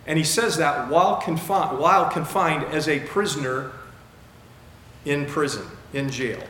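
A man's voice: a little high, unhurried, a bit bright. A male pastor preaching a sermon in an emphatic way, repeating key phrases for effect. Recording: echoey room with faint background hiss.

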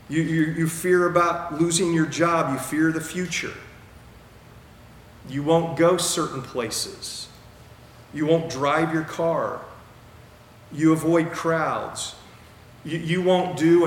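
A male pastor delivers a sermon, pressing his points by repeating key phrases. His voice sits a bit high for a man. The sound rings in an echoey hall over a faint hiss. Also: takes it slowly, long pauses.

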